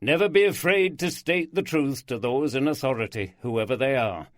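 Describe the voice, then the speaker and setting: A man's voice: medium pitch, normal speed, no room sound, voice pushed up, natural voice. Blunt yorkshire detective, plain-spoken, dry close sound, a male narrator doing him. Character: middle-aged Yorkshire detective, blunt, theatrical.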